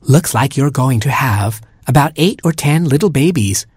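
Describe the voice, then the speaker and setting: A man voicing a kindly, brisk kangaroo doctor in a storybook reading, soothing and matter-of-fact. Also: mid-range voice, expressive, husky, dry recording, clean studio sound.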